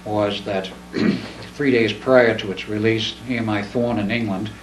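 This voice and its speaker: A man's voice: on the low side, steady tone, a little slow. An older man speaking plainly to an audience, recounting a story in a folksy manner and slipping into other people's voices for quotes. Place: presentation room. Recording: echoey room, distant mic, faint noise.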